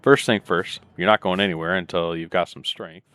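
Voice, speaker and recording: Deep, clear-voiced, kindly male priest from a gritty game, with a musical lilt and a soothing, pious calm, read out by a man. Dry, close sound. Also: normal speed, no room sound. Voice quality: lilting, musical delivery.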